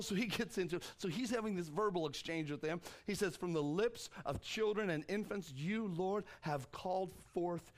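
Animated man preaching a sermon. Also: normal speed, few pauses. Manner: animated, acts out quotes with jumps in pitch; restarts and repeats words often. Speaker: pastor.

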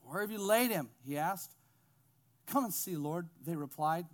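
A male pastor with a high voice delivers a lively sermon. He retells the Bible story with humorous asides and acts out its characters as he reads. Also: unhurried.

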